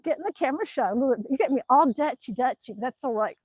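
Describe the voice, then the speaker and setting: A woman's voice: high voice, animated, brisk, a little mellow, breathy edge, no room sound. An older woman chatting on a home live stream while pedalling an exercise bike, laughing often and cooing at her dog. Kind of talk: casual live-stream chat reading comments. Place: at home, indoors.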